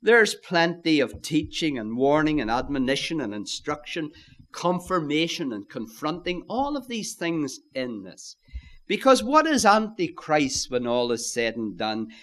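A man's voice: on the high side, sing-song, measured pace, fairly bright tone. A man preaching a sermon, emphatic, repeating key phrases and addressing listeners as friends.

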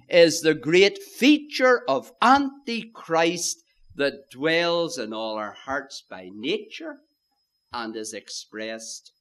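A man preaching a sermon, emphatic, repeating key phrases and addressing listeners as friends. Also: mid-range voice.

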